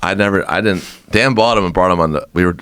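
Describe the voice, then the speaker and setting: Low-voiced man telling a wild story. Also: quick pace, clear, resonant tone, no echo. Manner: animated, laughing, swearing, acts out quotes. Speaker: podcast guest, musician. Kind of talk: casual storytelling.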